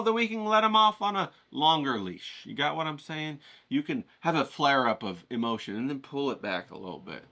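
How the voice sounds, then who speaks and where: A man hosting a writing challenge, giving an energetic, casual pep-talk lesson full of swearing and storytelling. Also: medium pitch.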